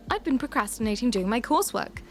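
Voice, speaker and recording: A prim, self-important evil twin, as a woman streamer puts her on, full of theatrical, old-fashioned turns of phrase. Her voice sits fairly high, and she takes her time, drawing the words out slowly. She chats through a live stream with her own smug flourish. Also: a bit bright. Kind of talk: live stream character chat.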